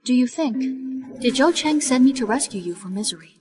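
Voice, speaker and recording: An actress playing a cold, scheming woman in disguise in an animated drama, lecturing in a scornful tone. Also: sits high, a little fast, background noise.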